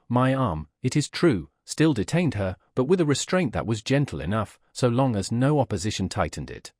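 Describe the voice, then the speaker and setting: A man's voice: mid-range voice, breathy edge, dry recording. Man reading an old novel aloud, lots of up and down in his voice, dry close recording. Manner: measured, expressive reading. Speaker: audiobook narrator. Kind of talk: scripted first-person novel narration.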